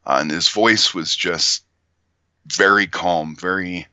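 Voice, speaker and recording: A man, a podcast guest, telling a story casually in a halting way, with restarts and small nervous laughs. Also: sits low, sharp tone, smooth, dry recording, dull audio.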